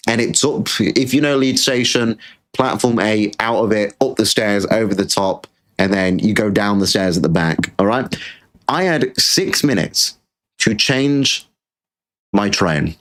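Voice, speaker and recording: Fairly low in pitch yet a bit bright, this British podcast host talks a little slowly. Ranting casually on his own show, he swears often, speaks bluntly, and repeats himself.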